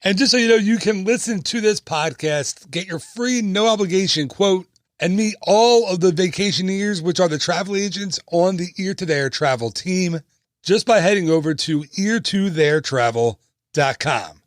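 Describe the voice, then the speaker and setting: A man's voice: high voice, normal speed, no echo, studio quality. A man in his thirties hosting a casual travel podcast, upbeat and chatty with joking asides. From United States. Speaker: podcast host and travel agent.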